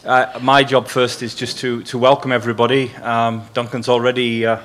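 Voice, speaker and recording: An older man with a Yorkshire accent giving halting welcoming remarks at an event, often repeating words. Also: medium pitch, level tone, a bit bright. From Yorkshire, England. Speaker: guest speaker.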